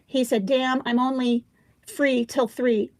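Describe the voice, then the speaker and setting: A woman's voice: high-pitched, little pitch movement, dry recording. Woman reading texts aloud, dry close sound. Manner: reads text messages aloud, halting with fillers. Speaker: livestream host. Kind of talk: casual livestream chat.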